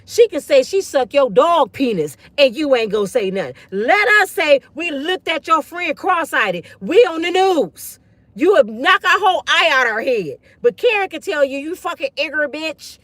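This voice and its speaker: A woman's voice: high voice, sing-song, moderate pace, few pauses, a bit bright, no room sound. A woman ranting bluntly and profanely in a casual livestream on her phone. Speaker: online commentator.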